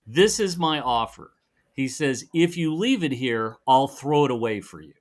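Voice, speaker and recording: A man's voice: mid-range voice, moderate pace. A man co-hosting a casual live chat show, telling a long anecdote and acting out the people in it. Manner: animated storyteller acting out quoted voices. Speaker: podcast co-host.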